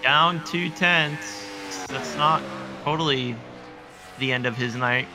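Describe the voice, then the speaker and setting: Mid-pitched man reading lap deltas. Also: takes it slowly, noisy background. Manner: reads lap times and chat messages. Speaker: broadcast commentator. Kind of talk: sim racing commentary.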